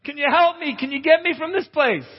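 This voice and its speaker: A preacher voicing a panicked man dangling from a tree on a cliff, with a shrill, pleading, frantic voice. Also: brisk. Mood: relieved, pleading. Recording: echoey hall, dull sound.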